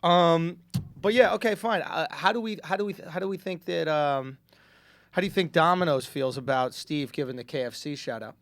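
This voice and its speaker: A man's voice: fairly high pitch, normal speed, no echo. A man hosting a casual podcast chat, brash and jokey with plenty of swearing. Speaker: podcast host.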